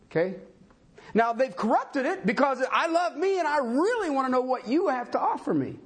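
Animated, folksy male preacher. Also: normal speed, slightly rough. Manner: swings between booming high emphasis and low quiet asides, folksy phrasing. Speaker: pastor. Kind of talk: sermon.

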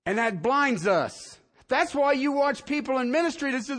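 A man's voice: very high-pitched, lively intonation, normal speed, fairly bright tone. A man preaching a sermon as pastor, talking in a conversational way and often asking the congregation questions.

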